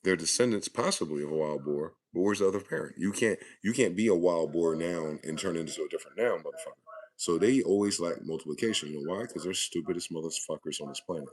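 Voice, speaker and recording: A man's voice: low voice, fast talker, breathy edge. A man hosting a profane, aggressive monologue, hectoring his listeners with rhetorical questions. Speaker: channel host. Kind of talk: ranting monologue.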